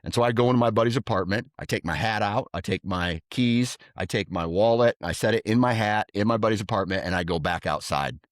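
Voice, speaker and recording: Man, podcast co-host, casual storytelling, low voice, animated quoting, dry studio sound. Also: a little fast, few pauses, dry recording. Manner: animated, acts out quotes in a raised voice.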